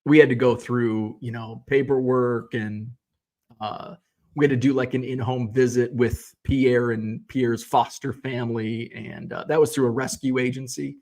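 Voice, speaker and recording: A man's voice: medium pitch, unhurried. Rambling man chatting with his viewers. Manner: relaxed, rambling, many fillers and restarts. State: yawning, tired. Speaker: card-collecting livestream host. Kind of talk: casual chat reading viewer comments.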